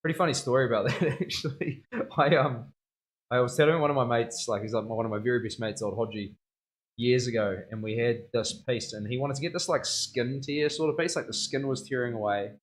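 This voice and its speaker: A man's voice: mid-range voice, a little fast. Laid-back New man. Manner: laid-back, laughs often, slangy. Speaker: tattoo artist streaming. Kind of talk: casual live-stream chat. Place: tattoo studio.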